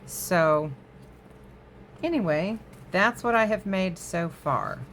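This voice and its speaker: Lady chatting through her craft projects at home, low gravelly voice, keeps getting sidetracked. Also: animated, slow pace, fairly bright tone, a little hiss or hum. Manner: chatty, easily sidetracked, talks to viewers. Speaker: crafting vlog host. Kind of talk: casual show-and-tell chat.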